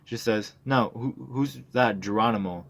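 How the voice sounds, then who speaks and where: A man reading a novel aloud, voicing a loud, gleeful male friend retelling a bar story. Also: fairly low pitch, normal speed. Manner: loud, gleeful, egging others on. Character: rowdy laughing male barroom friend.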